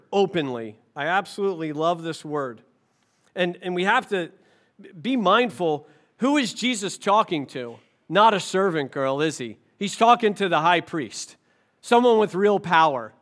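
A male pastor delivers a sermon in a high, animated voice that swoops widely. He speaks at an unhurried pace, building to forceful, impassioned emphasis before dropping low and quiet. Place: church sanctuary.

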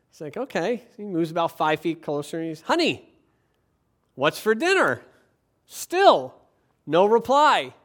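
A pastor delivers a sermon, mixing scripture reading with playful stories. His voice sits high for a man, and he moves from hushed asides to loud, punchy lines. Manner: animated, jokey storytelling, swings from quiet to loud. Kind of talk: sermon with Bible reading and jokes.

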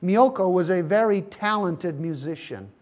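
A man's voice: high-pitched, lively intonation, unhurried. A man preaching a sermon, retelling a Bible story and speaking to his listeners as friends. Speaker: pastor.

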